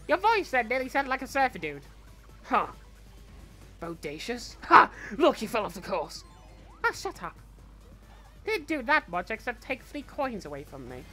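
A man plays a cocky, greedy young male villain who chats boastfully over a game. The voice is bright and forceful, with a lively pitch that leaps up and down. It is in-character gameplay commentary from a fan production. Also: moderate pace, long pauses, soft background music, exaggerated voice. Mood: playful. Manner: boastful and chatty. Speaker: fan voice actor playing a character.

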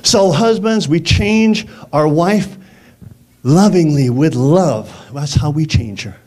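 A man preaching a lively sermon in a conversational way, often laughing and asking the congregation questions. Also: a little high, slow.

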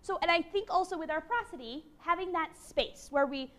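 A woman teaching a college class, lively and encouraging, with a playful manner. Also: high-pitched, brisk, hardly any pauses. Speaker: university lecturer. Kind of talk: classroom lecture.

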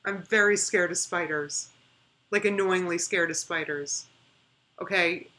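A woman's voice: lowish voice, measured pace, sharp tone. A woman in her thirties chatting casually on a reaction livestream, emphatic and repeating words for stress. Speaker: streamer.

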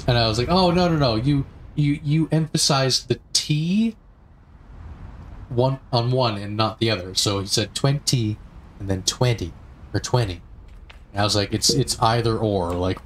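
A gaming streamer with a lowish, fairly bright voice chats casually while he plays, rambling through stories full of fillers and asides. There's slight background noise in this gameplay commentary.

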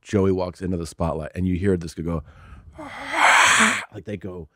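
Low-voiced man telling a story. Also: normal speed. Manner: animated storyteller acting out quotes. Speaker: podcast co-host. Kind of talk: casual storytelling chat.

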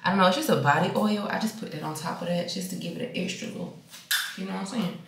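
A woman's voice: fairly low pitch, fast, gravelly, heavy background noise. A woman chatting casually to her viewers in a hotel room vlog, frank and profane, calling them y'all and friend. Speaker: vlogger. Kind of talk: casual vlog chat to camera.

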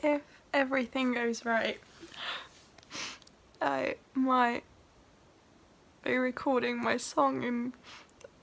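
Slow-talking young woman, gravelly and tearful. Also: high-pitched, little pitch movement, fairly bright tone. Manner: tearful, laughing, overwhelmed and breathless. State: crying. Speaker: singer-songwriter vlogging her first song. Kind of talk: emotional personal vlog.

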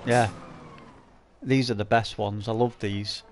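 A man's voice: fairly low pitch, steady tone, measured pace, background noise. A man commentating a live farming game stream, teasing viewers with crude, laughing banter. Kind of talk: live gameplay commentary, reading chat.

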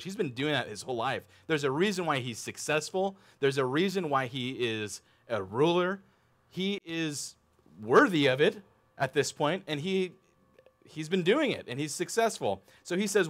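Animated conversational preacher man. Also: on the high side. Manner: animated, conversational, asks the audience questions. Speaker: pastor. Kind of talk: sermon. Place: church.

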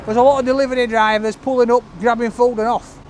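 A middle-aged food reviewer from Sheffield, England, speaks with a Yorkshire accent as he reviews a takeaway in a casual food vlog, jokey and friendly, calling people "love." His voice is very high with little pitch movement and he talks fast. It was recorded in the takeaway shop and on the street outside, with slight background noise.

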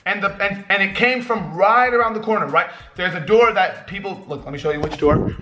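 Excitable young man telling a wild story. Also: high voice, fairly quick, echoey room, over music. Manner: excitable, swears a lot, acts out his own shouts. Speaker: vlogger. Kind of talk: animated storytelling.

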